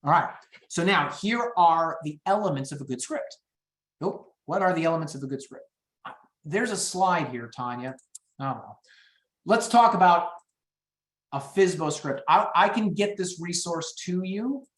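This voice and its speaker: A man coaching real estate agents on phone scripts, talking fast and upbeat and acting out the calls. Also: expressive, a bit bright, reverberant. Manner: high-energy, quick, acts out phone calls. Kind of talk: teaching sales scripts in a webinar.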